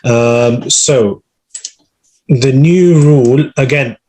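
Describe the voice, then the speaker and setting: A man's voice: mid-range voice, extremely slow, a little mellow, a little hiss or hum. A man teaching an online Arabic class on a video call, patiently going through vocabulary with translations.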